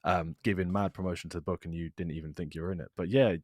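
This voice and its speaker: A man's voice: sits low, no room sound, clean studio sound. A man who is a guest on a live podcast chat, speaking in an encouraging, friendly way. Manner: fast, lively, warm and encouraging. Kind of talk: casual live-stream chat.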